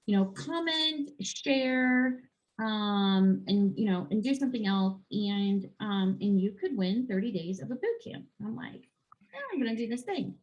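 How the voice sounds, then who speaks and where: A woman health and life coach chatting casually in a podcast interview, telling a personal story and acting out her own thoughts in animated bursts. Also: medium pitch, dull audio. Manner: animated, quick swings into acted-out inner voices.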